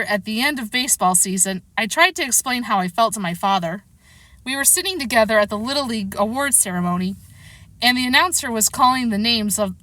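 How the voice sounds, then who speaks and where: A woman reading a children's novel aloud in lively, expressive first-person narration, close to the mic. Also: on the high side, no echo. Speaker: storybook reader.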